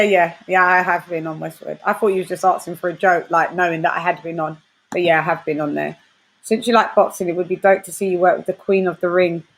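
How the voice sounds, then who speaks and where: Slangy British woman chatting to viewers. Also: fairly low pitch. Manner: animated, slangy, trash-talking banter. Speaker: host; grime and dancehall artist. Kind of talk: casual livestream chat.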